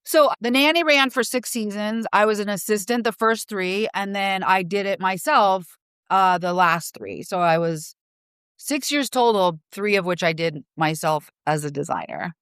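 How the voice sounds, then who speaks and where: Smooth-voiced woman guest reminiscing. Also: mid-range voice, normal speed, no room sound, studio quality. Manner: relaxed, reminiscing, sprinkled with "like" and "you know". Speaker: costume designer guest. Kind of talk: casual interview chat.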